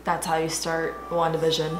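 A woman hosting a casual reaction video, excitable and chatty. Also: low-pitched, normal speed. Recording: echoey room with music behind.

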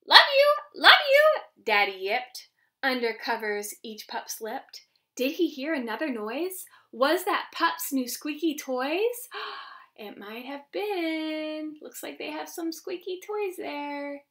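A woman who teaches in a children's ministry reads a picture book aloud to young kids, gentle and animated, pausing to chat with them about the pictures. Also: high voice, recorded from a distance.

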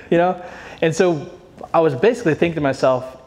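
A man with a fairly high voice talks loosely to a workshop crowd, storytelling with casual fillers. He slips into little acted-out quotes and pokes fun at himself. The tone is a relaxed conference talk, not a formal lecture. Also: fairly quick. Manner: chatty storyteller, acts out quoted voices, frequent "like"; self-deprecating humor. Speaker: youth ministry director speaking at a workshop.

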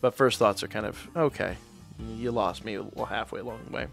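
Over soft background music, this YouTuber goes through mobile game units in a brisk, lowish, gravelly voice with a fairly bright tone. He chats casually, reading off stats and fixing his own slips as he goes.

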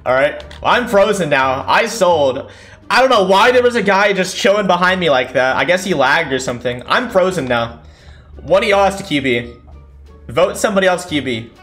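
A young man giving casual live commentary on a football game he is playing, thinking aloud and breaking into excited shouts. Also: sits high, moderate pace, faint music behind. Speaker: gaming streamer. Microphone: desk mic without a condenser.

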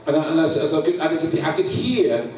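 A Scottish man preaches in a church, laughing through a funny personal story and acting out the sounds in it. His voice sits a little high. He sounds far from the mic in a very echoey hall, with clear noise behind him. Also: very animated, fairly quick, a little mellow. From Scotland. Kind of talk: humorous sermon storytelling.

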